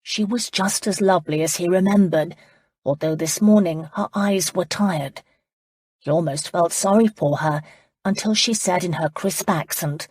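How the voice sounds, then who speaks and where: A woman narrates a historical romance audiobook in a measured, steady manner. Her voice is fairly low and somewhat husky. The recording is close and dry. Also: no room sound. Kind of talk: scripted narration.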